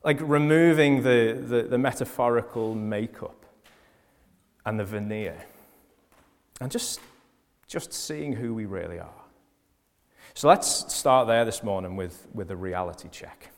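A man with a Liverpool accent preaching a sermon, stressing key phrases loudly and dropping to quieter asides. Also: medium pitch, big-room sound. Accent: Liverpool (Scouse). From Liverpool, England.

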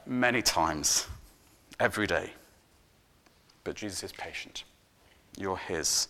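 A man preaching a sermon, earnest and emphatic, repeating words for stress and dropping to a hushed voice at the ends of phrases. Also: on the low side. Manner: swings from loud emphasis to soft, hushed endings.

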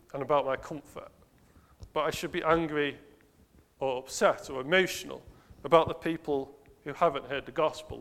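A man's voice: a little high, a bit bright. A man preaching a sermon in an earnest, self-questioning way, asking the congregation rhetorical questions. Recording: long hall reverb.

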